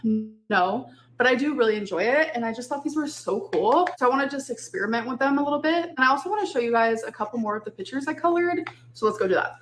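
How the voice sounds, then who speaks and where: A woman's voice: high voice, animated, fast, hardly any pauses, fairly bright tone. A woman talking through a shopping haul in a vlog, chatty and upbeat, with lots of "like". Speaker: vlogger.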